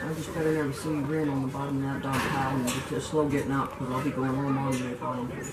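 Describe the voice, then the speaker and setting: A woman's voice: extremely low pitch, flat delivery, fairly quick. An older grandmother cheering and chatting casually on the sidelines of a football game, recorded outdoors. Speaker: sideline commentator. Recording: roomy, distant, noisy outdoor recording.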